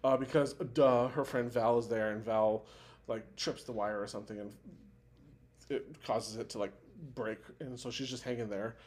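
A man's voice: mid-range voice, steady tone, normal speed, a little mellow. A man co-hosting a podcast, casually recapping a TV show in a rambling way with lots of fillers and restarts. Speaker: podcast co-host.

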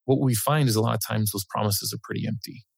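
A man's voice: on the low side, fairly even intonation, fast talker, creaky, breathy edge, no echo. A man who is a financial planner, speaking as an interview guest, thoughtful and sometimes searching for words. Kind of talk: casual interview chat.

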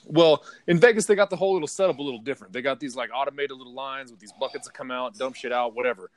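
A podcast co-host with a medium-pitched voice races through a heated, profane story in casual chat, recorded with no room sound. He is partly deaf in his left ear.

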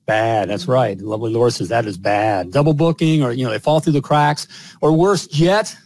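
A man's voice: mid-range voice, brisk, vocal fry, darkish tone, rough recording. A man hosting a podcast with boastful, hyped energy and lots of fillers. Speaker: podcast host.

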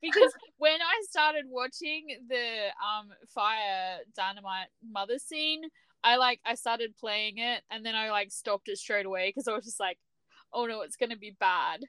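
A woman's voice: fairly high pitch, measured pace, bright, forceful tone, clean tone, no room sound. A woman co-hosting a podcast in casual chat, chatty and restarting often as she acts out her own reactions. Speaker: podcast co-host.

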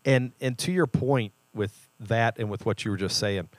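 A man's voice: lowish voice, moderate pace, no echo. A man from a church, talking earnestly and reflectively about faith in a casual conversation. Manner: earnest, reflective, builds to emphatic points. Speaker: church leader and podcast co-host.

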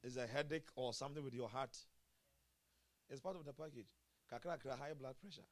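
Preaching at a church service, this man speaks fairly quickly in a mid-range voice. He laughs often and moves from hushed tones to loud outbursts.

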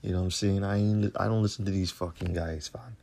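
A man's voice: low voice, fairly even intonation, fast, vocal fry, a little mellow. A man, hosting a podcast and delivering a profane, confrontational solo rant. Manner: profane, confrontational ranting with repeated tag questions. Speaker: podcast host.

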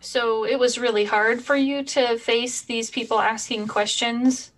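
A woman's voice: on the high side, steady tone, a little slow, fairly bright tone. A woman interviewing a guest, asking attentive questions and checking that she has understood him.

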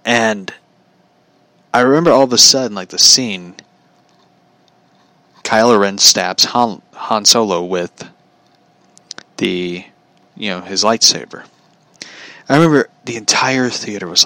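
A man's voice: on the low side, animated, measured pace, pauses often, bright, forceful tone, dry recording. A man telling a story in a casual, opinionated rant, swearing freely and laughing at his own anecdote.

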